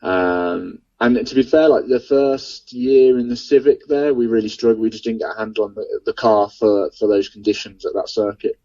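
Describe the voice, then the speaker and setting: Low mellow man on a dull phone line. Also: moderate pace, few pauses, no echo. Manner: relaxed, explanatory, laughs easily. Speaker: racing driver guest on phone.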